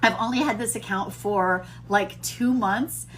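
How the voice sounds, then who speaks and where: A woman's voice: mid-range voice, unhurried, a bit bright, slight background noise. A woman in her fifties hosting a casual livestream, bubbly and giddy, laughing often and poking fun at herself as she chats to viewers. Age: 50s. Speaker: TikTok livestream host.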